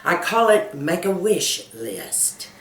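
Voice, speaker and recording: A woman in her fifties, a lifestyle coach chatting with her viewers, folksy and animated, laughing often as she tells stories. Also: on the low side, takes it slowly, echoey room, recorded from a distance. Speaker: lifestyle coach and channel host. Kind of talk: casual chat answering viewer questions.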